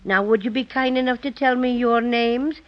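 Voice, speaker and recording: Tiny friendly teddy bear, Irish brogue, high voice, unhurried, old muffled radio sound. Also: male voice, fairly even intonation. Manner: sings a slow growling rhyme, then chats kindly. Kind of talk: 1930s radio acting. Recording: dull old radio recording.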